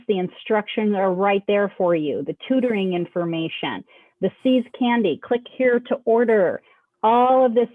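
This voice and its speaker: A woman hosts a casual school update, talking students through a website in a friendly, chatty way. She sits mid-range in pitch. The video-call audio sounds tinny and phone-like, with no trace of room echo. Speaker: school staff host. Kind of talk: casual school announcement chat.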